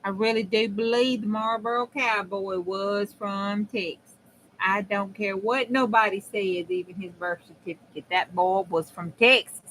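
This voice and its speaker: A woman's voice: mid-range voice, steady tone, a little slow, fairly bright tone, a little hiss or hum, poor audio. A woman hosting a crafting video, chatting in a folksy, homespun way with herself and her viewers as she works. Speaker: crafting channel host. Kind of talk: casual chat while crafting.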